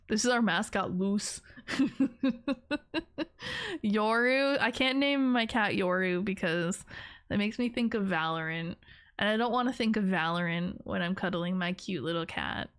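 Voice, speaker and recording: A woman's voice: mid-range voice, fairly bright tone, clear, resonant tone. A woman streaming live, chatting casually with her viewers in a rambling, giggly, playful way. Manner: playful teasing of her chat.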